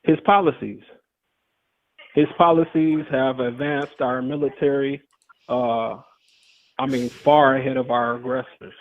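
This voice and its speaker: A man's voice: medium pitch, fairly even intonation, unhurried, long pauses. A man in his forties calling into a debate show, speaking hesitantly with fillers. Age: 40s. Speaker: caller. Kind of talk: phone-in debate. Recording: tinny phone line.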